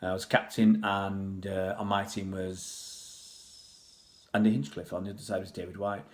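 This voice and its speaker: A man's voice: low-pitched, flat delivery, a little slow. A man from Pakistan, raised in England, chatting casually on a livestream and answering viewers' questions in a rambling way. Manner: rambling, chatty, many restarts and fillers.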